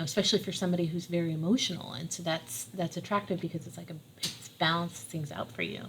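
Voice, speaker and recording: A woman's voice: fairly low pitch, a little hiss or hum, poor audio. A middle-aged woman giving a casual tarot reading, earnest and encouraging, repeating phrases for emphasis. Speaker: tarot reader.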